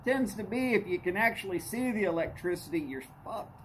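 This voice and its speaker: Middle-aged guy on his live stream, kinda high voice, tells rambling jokey stories, faint hiss behind. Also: animated, fairly quick, fairly bright tone. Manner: rambling, joking storyteller. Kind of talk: casual chat with live chat.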